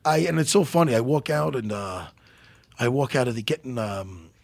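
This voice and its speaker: A man on a casual podcast, telling loud, jokey stories with a lot of swing in his voice. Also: mid-range voice, normal speed, vocal fry, no room sound. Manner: animated, loud, jokey storyteller. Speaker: MMA coach and podcast guest. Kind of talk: casual chat.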